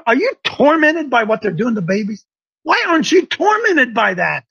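Very high-voiced fiery male preacher. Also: very animated, moderate pace, gravelly, breathy edge. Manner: impassioned, swinging between shouting and hushed asides. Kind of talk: fiery sermon. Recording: dull lo-fi recording.

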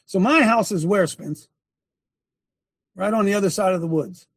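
A man's voice: high voice, normal speed, slightly rough, dry recording. An older man and former coach giving a sermon-like testimony, telling it emphatically with many repeats and restarts. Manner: breaks off to direct a helper at a screen.

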